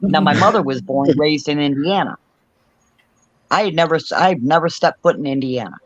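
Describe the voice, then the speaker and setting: Casual chat host: a man with a mixed Boston and Southern accent, slightly high voice, dry dull lo-fi sound, laughs through stories. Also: animated, normal speed, dry recording. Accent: mixed Boston, Florida and Alabama. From Cape Cod, Massachusetts. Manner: storytelling, laughs often.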